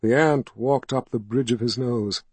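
A man narrating a fantasy audiobook in a measured, even storytelling manner. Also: mid-range voice, husky, no room sound.

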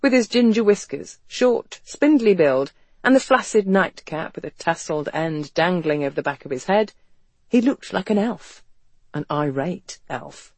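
An audiobook narrator reading a novel in an even, measured storytelling voice. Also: mid-range voice, no echo.

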